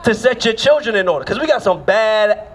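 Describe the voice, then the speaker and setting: A man's voice: sits high, lively intonation, brisk. A man preaching outdoors on a street, firing rhetorical questions at the crowd and pulling them into call-and-response.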